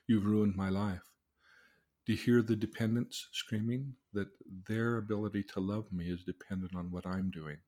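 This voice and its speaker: A man's voice: fairly low pitch, flat delivery, normal speed, few pauses, darkish tone. A middle-aged man sharing his own story as a religious lesson for his daughter, earnestly asking questions and acting out voices. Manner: earnest, asks questions and acts out quoted voices. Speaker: father teaching his daughter. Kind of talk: religious life lesson told as personal story.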